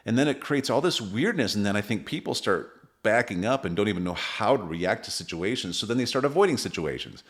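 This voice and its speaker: A man's voice: lowish voice, animated, fairly quick, few pauses. A man co-hosting a parenting podcast, talking earnestly and telling stories, often restarting his sentences. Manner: earnest, storytelling with frequent restarts. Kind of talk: casual podcast conversation.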